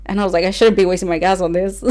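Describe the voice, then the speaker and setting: Talking very fast in a low, mellow voice with fairly even intonation, this young faith-podcast co-host chats casually and rambles, laughing often and saying "like" a lot. At times she becomes teary.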